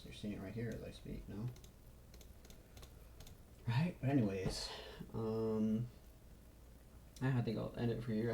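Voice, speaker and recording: A man's voice: on the low side, creaky, mellow, reverberant, a little hiss or hum, rough recording. A man talking casually to camera in a loose, rambling way full of fillers, recorded on a phone. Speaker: vlogger.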